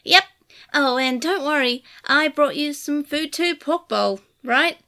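A woman voicing a petite, bustling young woman in a storybook reading, brisk and beaming. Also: sits high, a bit bright, pitched above the performer's own voice. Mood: cheerful.

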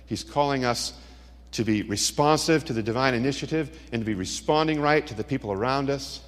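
Middle-aged male preacher, testimony sermon, dramatic storyteller, mid-pitched voice, long hall reverb. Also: a little fast. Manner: dramatic storytelling with punchy asides. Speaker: Christian speaker.

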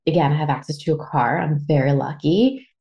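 Woman, 30s, from Canada, podcast host, lower voice, raw candid storytelling with swearing and fillers. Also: brisk, creaky, dark tone, muffled recording. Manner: emotional, swearing, lots of fillers. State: tearful at times.

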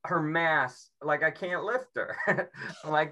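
A man from Seattle doing a rambling, self-mocking stand-up set, slipping into quick mimicry of people. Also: on the high side, bright, forceful tone. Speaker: stand-up comedian.

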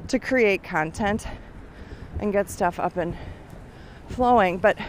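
A middle-aged woman with a mid-range voice takes her time during a casual outdoor walking vlog, thinking aloud and leaning on fillers, with slight background noise. She's a little winded from walking uphill, her lungs weak from years of smoking.

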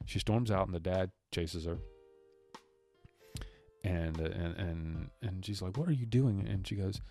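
Soft music plays under a man whose low, fairly even voice carries vocal fry and a mellow touch at a measured pace. He's co-hosting a podcast, loosely walking through a film's scenes and performing the characters' lines, with lots of rambling restarts.

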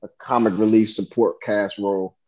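Low mellow-voiced man, laid-back. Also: level tone, normal speed, muffled recording. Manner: laid-back, slangy short replies. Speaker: podcast guest. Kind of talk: casual chat.

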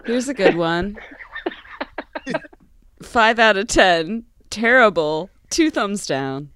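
Brief: lively woman podcast co-host reading reviews, dry close mic. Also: medium pitch, slow, clear, resonant tone, no echo. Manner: giggly, reading aloud. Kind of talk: casual chat, reading reviews aloud.

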